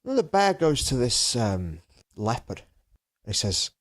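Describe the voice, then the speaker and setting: A man's voice: mid-range voice, sing-song, a little slow. A man co-hosting a comedy podcast, telling a story in a mock-serious murmur. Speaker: podcast co-host. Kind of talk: deadpan comic podcast banter.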